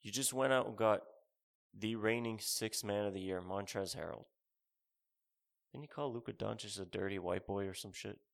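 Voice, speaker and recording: A man's voice: lowish voice, moderate pace, creaky. A man in his thirties delivering a rambling, sarcastic, profane comedic rant as a podcast host.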